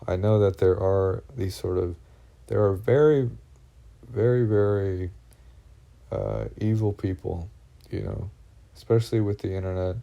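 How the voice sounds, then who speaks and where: A man telling of his own experiences in a halting, anxious monologue, full of fillers, restarts and swearing. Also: deep voice, gravelly, lo-fi sound. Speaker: vlogger recounting personal experiences. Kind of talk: rambling first-person monologue.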